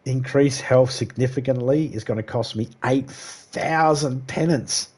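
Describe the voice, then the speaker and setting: Australian male game streamer, husky, mid pitch, cheeky crude banter with chat. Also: a little slow, hardly any pauses, darkish tone. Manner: crude, joking banter, chuckles between lines. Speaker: gaming live streamer. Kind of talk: casual live-stream commentary chatting with viewers.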